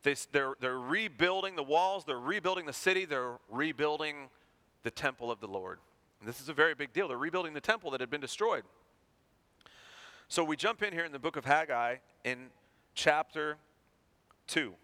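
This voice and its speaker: Bright-voiced male preacher. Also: a little high, moderate pace. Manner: animated, acts out everyday people. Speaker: pastor. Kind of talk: sermon.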